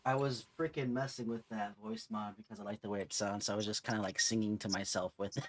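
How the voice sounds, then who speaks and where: A man's voice: on the low side, fairly even intonation, fast. Rambling man guesting on a stream. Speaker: panel guest. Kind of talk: casual chat.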